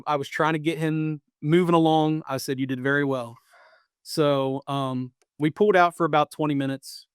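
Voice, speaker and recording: A man in his thirties from Pennsylvania or Maryland co-hosts a podcast, casually spinning a long hunting story full of restarts and repetitions. His voice is medium-pitched with a clean tone, recorded in a clean studio with no echo.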